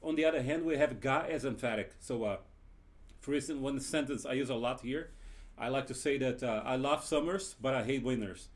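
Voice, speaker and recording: A man teaching a Japanese grammar lesson, often pausing with fillers while he explains. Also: medium pitch. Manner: hesitant, many filler pauses while explaining. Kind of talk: language lesson.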